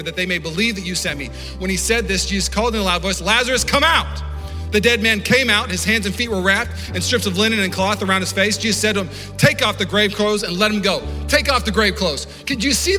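A man preaching a sermon in a church hall, his high voice forceful and sharp. He builds to snarls and shouted lines. A long reverb trails his words, with faint music behind. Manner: passionate, rising to snarls and shouts. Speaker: pastor. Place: church sanctuary.

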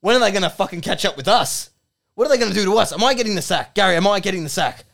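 A man doing a loud, aggressive Australian football pundit. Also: high voice, expressive, rapid-fire, gravelly, voice pushed up, exaggerated voice. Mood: ranting. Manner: ranting, shouting, sweary.

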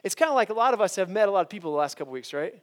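A man's voice: sits high, lively intonation, racing. A man preaching to college students, speaking animatedly, restarting his sentences and often asking "right?". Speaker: campus preacher.

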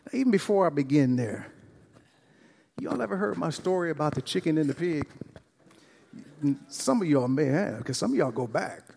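A man's voice: on the high side, gravelly, a little mellow, husky, in a large hall. A man preaching a sermon to a church congregation, exuberant and calling out to them. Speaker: pastor. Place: church service.

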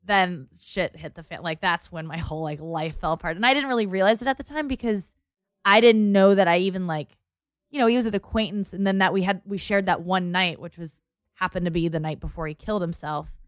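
A woman's voice: fairly low pitch, a little fast, no room sound, studio quality. A young adult woman in a casual chat, telling a long personal story and quoting the people in it.

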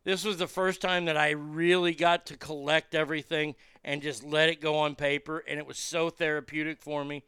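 Gravelly, profane man telling stories. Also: on the high side, moderate pace, hardly any pauses, no echo, studio quality. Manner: animated, profane, lots of fillers and restarts. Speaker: comedian and podcast guest. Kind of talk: casual storytelling.

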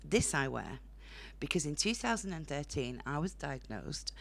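Low-voiced Northern woman doing stand-up. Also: big pitch swings, moderate pace, vocal fry. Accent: Northern English. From Northern England. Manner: blunt, chatty, laughs at own jokes. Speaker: stand-up comedian. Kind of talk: stand-up set. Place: comedy club stage.

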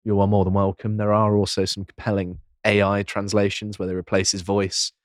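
Low-pitched male podcast host, casual and measured, lots of ums, dry close mic. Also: monotone, no echo. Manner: reads quotes aloud, measured, frequent ums. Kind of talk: casual political discussion.

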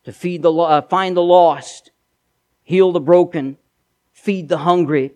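A man's voice: fairly high pitch, fairly even intonation, a little slow, darkish tone. A man delivering a Christmas sermon as pastor, emphatic and built on repeated refrains.

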